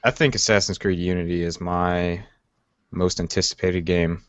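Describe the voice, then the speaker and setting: Deep-voiced laid-back young man. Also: level tone, normal speed, fairly bright tone, dry recording. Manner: laid-back, slangy, says "man" and "like" a lot. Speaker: podcast co-host. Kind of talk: casual chat. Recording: dull lo-fi dry sound.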